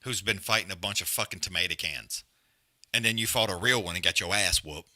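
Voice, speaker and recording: A man's voice: low-pitched, a little fast, pushed and bright. A man hosting a live fight watch-along, trash-talking fighters in blunt, profane casual chat. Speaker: live stream host.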